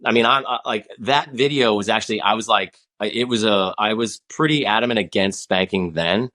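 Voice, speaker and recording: A man's voice: lowish voice, a little fast, sharp tone. A man in his forties, a guest on a podcast, talking in a rambling, passionate way with many restarts. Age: 40s. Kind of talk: casual conversation.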